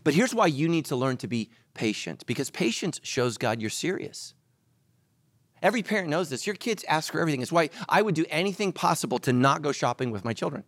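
A middle-aged man delivers a sermon with a very lively, swooping voice, full of jokes and quick acted-out bits. The sound is dry and close, with no room around it. He sounds like a pastor who knows his congregation well. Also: on the high side, no room sound.

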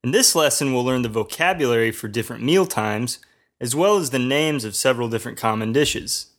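A man's voice: mid-range voice, lively intonation, brisk. A man co-hosting a language lesson podcast as the learner, repeating new words back. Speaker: co-host, learner.

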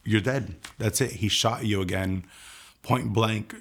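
A young man tells his own testimony, his low voice roughened by gravelly fry. He speaks in a hushed, intense way and often sinks to near a whisper as he recounts the story. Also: unhurried.

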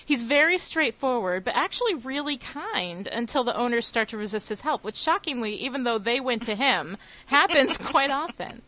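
A woman's voice: a little high, lively intonation, moderate pace, bright, forceful tone. Giggly, gushing woman co-host. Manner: giggly and gushing, laughs often. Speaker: podcast co-host. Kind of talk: casual chat.

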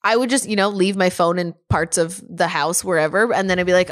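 Female podcast co-host, bright and chatty, laughs easily. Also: lowish voice, fairly quick, dry recording, studio quality. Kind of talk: casual chat.

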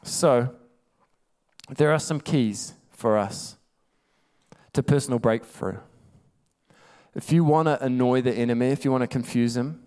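A man's voice: medium pitch, dark tone, smooth. A male preacher giving a sermon, emphatic and conversational, telling stories.

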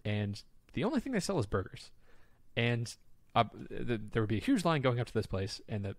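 A man's voice: lowish voice, no echo. A man co-hosting a podcast in casual chat, rambling enthusiastically with many fillers and restarts.

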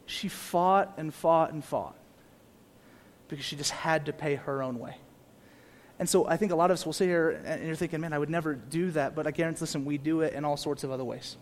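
A young man preaching a sermon to a congregation, animated, moving between quiet asides and loud emphatic repetition. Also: a little high, fairly quick. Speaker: pastor.

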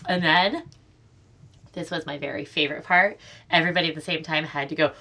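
A woman's voice: low voice, a little fast, bright, forceful tone. A woman talking as a birth educator on a casual podcast chat, playful and demonstrative. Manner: playful, demonstrates sounds and laughs.

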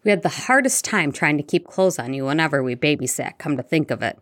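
A woman's voice: low voice, animated, fairly quick, fairly bright tone, no room sound, clean studio sound. A woman reading fan fiction aloud, voicing a wry, teasing middle-aged male wizard.

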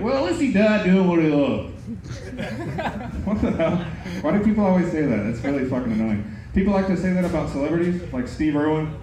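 Deadpan stand-up man in an echoey club. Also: on the high side. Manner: deadpan one-liners, laughs at his own jokes. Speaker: stand-up comic. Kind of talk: stand-up set at an open mic. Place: comedy club. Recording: very echoey club, noisy room. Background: audience laughter.

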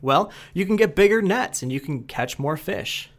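A man's voice: sits high, expressive, moderate pace, pitched above the performer's own voice. A man voicing a stressed businessman who grows angry and insistent while telling a story. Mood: pushy. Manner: raised, insistent lecturing.

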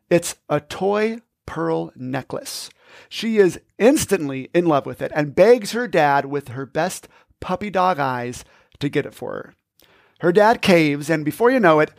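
A man hosting a podcast, telling a story in an upbeat, casual way. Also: a little high. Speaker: podcast host.

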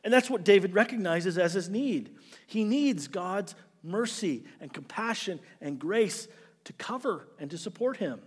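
A man preaching a sermon as pastor, swinging from loud emphasis to hushed asides and acting out imagined prayers. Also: high voice, lively intonation, a little slow, slightly rough. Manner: acts out imagined prayers and quotes in character.

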